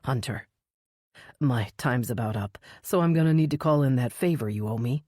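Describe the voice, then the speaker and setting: Woman reading a gruff, folksy old mentor. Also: medium pitch, normal speed, a little mellow, dry recording, studio quality, close to an everyday voice. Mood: wry. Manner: folksy, blunt. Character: dying older male mentor, gruff, wry.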